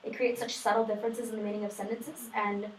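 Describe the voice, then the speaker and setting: A woman's voice: mid-range voice, level tone, fast talker. Young woman, student, casual chatty explaining, many fillers, recorded from across an echoey room. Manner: chatty, many fillers, self-deprecating asides. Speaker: student presenter. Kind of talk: casual study group discussion. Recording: echoey room, distant mic, faint noise.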